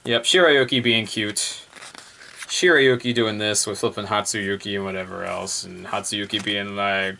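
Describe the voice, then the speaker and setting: A man's voice: fairly low pitch, fairly even intonation, moderate pace, gravelly, bright, forceful tone, slight background noise. A man casually reviewing a magazine, rambling, laughing often and repeating the same fillers.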